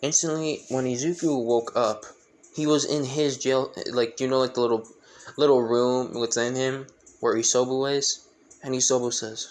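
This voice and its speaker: A man's voice: mid-range voice, steady tone, normal speed, slight background noise. A young man improvising a fan-made story, rambling with plenty of restarts and asides. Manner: rambling, many fillers and restarts.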